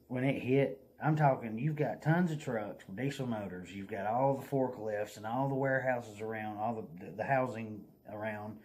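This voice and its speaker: A man with a Southern US accent telling a folksy, animated story in a casual vlog, laughing as he goes. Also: mid-range voice.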